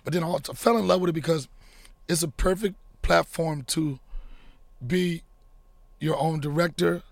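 Gravelly-voiced man telling stories. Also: fairly high pitch, normal speed, no room sound. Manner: animated, profane, acts out quotes. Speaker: podcast guest, comedian. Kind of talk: casual storytelling chat.

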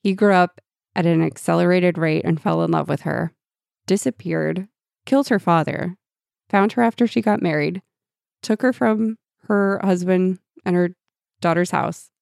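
A woman's voice: lowish voice, normal speed, vocal fry, darkish tone, no echo, clean studio sound. A woman co-hosting a casual book podcast, talking animatedly about a novel and sometimes reading passages aloud. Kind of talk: casual chat.

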